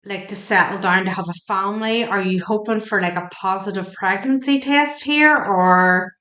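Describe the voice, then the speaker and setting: A woman's voice: medium pitch, moderate pace, fairly bright tone, echoey room. A woman giving a tarot reading, chatty and emotional, asking the cards questions aloud as she turns them. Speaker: tarot reader. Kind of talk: spoken tarot card reading.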